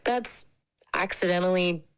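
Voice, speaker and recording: A woman's voice: lowish voice, measured pace, clear, resonant tone, poor audio. Friendly, chatty synthetic female companion voice. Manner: chatty, opinionated, friendly and casual. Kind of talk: conversational AI chat.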